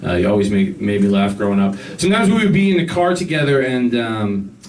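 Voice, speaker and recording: A young man doing a stand-up set on a club stage, halting and full of ums, with deadpan asides. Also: on the low side. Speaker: stand-up comedian. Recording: distant mic with loud crowd.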